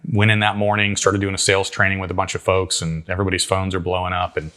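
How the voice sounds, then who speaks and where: Male interview guest, deep-voiced, tells stories with energy and folksy grammar. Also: fast. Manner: animated storyteller acting out quotes. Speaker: guest entrepreneur. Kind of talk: storytelling interview.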